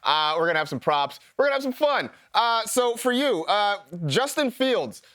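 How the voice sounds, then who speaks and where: Man, fantasy football co-host, playful and rambling, bouncy pitch, high voice. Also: big pitch swings, normal speed, fairly bright tone. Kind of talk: animated sports banter.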